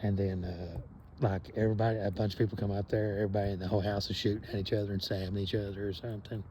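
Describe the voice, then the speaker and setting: Man, low voice, dark tone, meandering, profane, filler-heavy. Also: little pitch movement, slight background noise, poor audio. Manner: meandering, profane, many fillers and trailing pauses. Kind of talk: rambling monologue.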